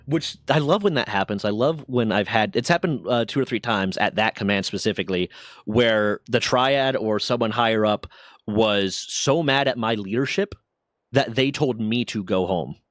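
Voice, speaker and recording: A man's voice: fairly low pitch, normal speed, a bit bright, dry recording, clean studio sound. Rambling, profane man telling a story. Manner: rambling, profane, lots of restarts. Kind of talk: casual storytelling chat.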